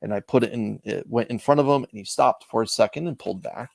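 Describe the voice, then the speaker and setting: Man, middle-aged, from Canada, gravelly voice, dry close sound, reflective storytelling. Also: on the low side, no echo. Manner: measured, reflective storytelling with frequent "uh" pauses. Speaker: interview guest, comic collector. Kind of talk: casual storytelling interview.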